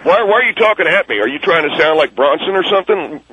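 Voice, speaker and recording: Man playing brash defensive businessman, rapid, bright, a bit high. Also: animated, muffled recording, a little hiss or hum. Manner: defensive, mocking, insulting. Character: crude defensive male businessman, self-pitying. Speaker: guest character.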